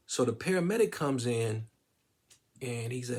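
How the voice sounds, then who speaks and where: A man casually telling a personal story to his viewers, relaxed, with many fillers and quoted bits of dialogue. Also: mid-range voice, a little slow, pauses often. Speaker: vlogger sharing a personal story.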